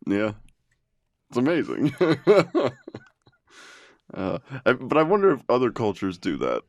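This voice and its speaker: A man's voice: medium pitch, huge pitch swings, a little slow, no room sound, highs cut off. A man co-hosting a podcast in casual chat, laughing often and swearing freely. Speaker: podcast co-host.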